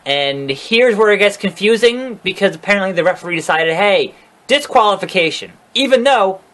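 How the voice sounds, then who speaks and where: A man with a somewhat high voice gives a casual solo recap of a wrestling show. He rants and swears freely, with a sarcastic edge throughout. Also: fairly bright tone. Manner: ranting, profane, sarcastic.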